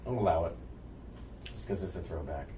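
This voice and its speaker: A man's voice: sits low, a little fast, dark tone. Man, podcast co-host, dry jokes, roomy echo, distant mic, faint noise. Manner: dry wisecracks. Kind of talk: casual chat.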